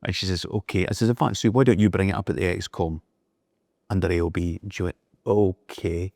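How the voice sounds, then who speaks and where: This middle-aged business leader, a guest in an interview, shares anecdotes in a relaxed conversational way and dramatizes the dialogue along the way. His voice sits low, gravelly and darkish, steady in tone and fairly quick. The sound is clean studio audio with no room sound.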